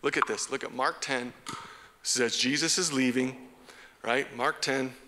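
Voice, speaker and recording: Animated preaching man in a reverberant hall. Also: medium pitch, a little slow. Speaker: pastor. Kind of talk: sermon. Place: church hall.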